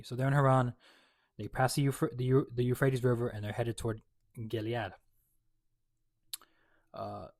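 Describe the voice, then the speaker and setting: In a dry recording, a medium-pitched man reads Bible verses and then puts them into loose, slangy, everyday words, stumbling through plenty of fillers and restarts. He's a host explaining a chapter of the Bible in a casual reading-plus-commentary style.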